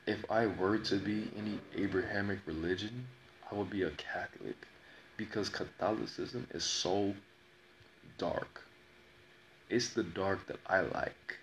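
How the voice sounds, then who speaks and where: A man telling a personal story in a slow, dramatic way, repeating phrases and pausing often. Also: lowish voice, slight background noise. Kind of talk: personal story told to camera.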